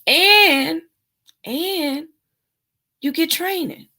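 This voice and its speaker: A woman's voice: extremely high pitch, drawn-out words. A woman co-hosting a live online show, chatting casually and playfully as she promotes an event. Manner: playful and lively, breaks into silly rhyming ditties.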